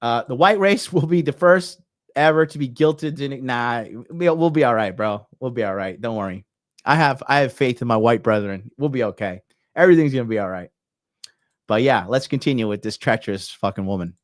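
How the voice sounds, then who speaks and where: A man hosting a reaction commentary show, talking in a slangy, animated way with lots of swearing and laughing. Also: mid-range voice, a little fast, no room sound, clean studio sound. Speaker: dating commentary host.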